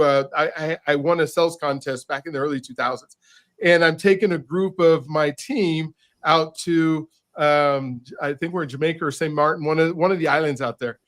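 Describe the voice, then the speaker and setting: Animated storyteller, man, higher voice. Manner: animated, repeats words as he restarts. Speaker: podcast guest, author. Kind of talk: casual storytelling in conversation.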